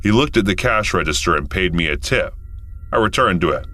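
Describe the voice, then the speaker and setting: A man in his thirties narrating a first-person story in a casual, animated way. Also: sits low, a little fast. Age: 30s.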